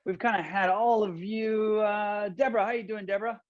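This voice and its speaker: A man's voice: sits high, fairly even intonation, fairly quick, a loud crowd. A man from Israel speaks with his Israeli accent as he leads a magic show over a video call. He is playful and chatty, coaxing the audience along step by step. The call audio comes through dull and lo-fi.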